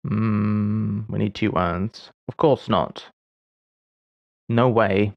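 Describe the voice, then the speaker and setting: Thinking out loud on a live stream, a man in his forties mumbles half-finished thoughts and laughs at his mistakes while tackling puzzles. His voice sits on the low side with vocal fry, very animated yet extremely slow. The recording is dry and lo-fi.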